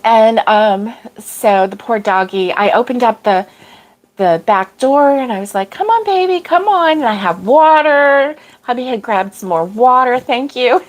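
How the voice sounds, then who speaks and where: Hosting a laid-back crochet livestream, a middle-aged woman speaks at an unhurried pace in a slightly high voice. Between allergy sneezes she meanders through a story, full of fillers and laughs, and chats with viewers, calling them by name.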